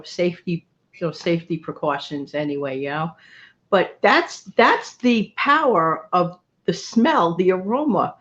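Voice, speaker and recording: A woman's voice: mid-range voice, very animated, measured pace, fairly bright tone, muffled recording. A middle-aged woman hosting a vlog, telling stories in a chatty, rambling way and laughing often. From New York City. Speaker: vlog host. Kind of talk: casual storytelling monologue.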